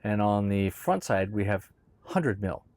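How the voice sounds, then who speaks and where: Casting: low-pitched man, casual and practical, restarts his sentences, dry close sound. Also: expressive, unhurried, darkish tone, no echo. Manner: conversational, with restarts and "right?" check-ins. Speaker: boat owner explaining boat tops. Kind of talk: casual how-to explanation.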